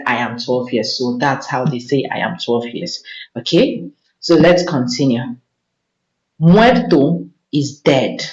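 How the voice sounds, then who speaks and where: A woman's voice: sits low, darkish tone. A woman teaching a vocabulary lesson, patiently repeating words for learners. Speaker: Spanish teacher. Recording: echoey room, dull lo-fi sound.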